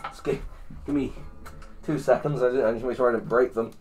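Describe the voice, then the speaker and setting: A man's voice: mid-range voice, fairly even intonation, brisk, darkish tone, faint music behind. A man hosting a livestream, reading chat aloud in a crude, joking way and laughing often. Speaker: livestream host. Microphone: headphones with mic.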